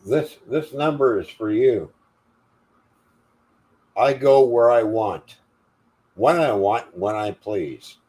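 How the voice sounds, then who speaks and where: A man's voice: medium pitch, slow pace, long pauses, warm tone. An older man hosting a livestream, delivering an angry, profane, defiant rant. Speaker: livestream host.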